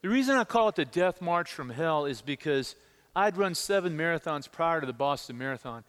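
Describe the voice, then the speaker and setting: A middle-aged male pastor preaching a sermon, telling personal stories in an animated way and repeating words as he stresses them. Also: on the high side, brisk, clear, resonant tone, long reverb tail. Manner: animated storytelling, repeats words when emphasizing.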